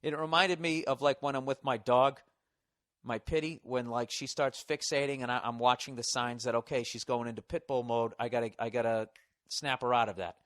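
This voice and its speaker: A man's voice: mid-range voice, steady tone, fairly quick, a bit bright, no room sound, studio quality. A man streaming, telling a story in a crude, swearing casual rant and stumbling over repeated words.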